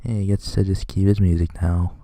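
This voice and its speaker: Deep, gravelly-voiced man commentating a game. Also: moderate pace, no room sound, studio quality. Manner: relaxed, rambling, reads game text aloud. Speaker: let's play commentator.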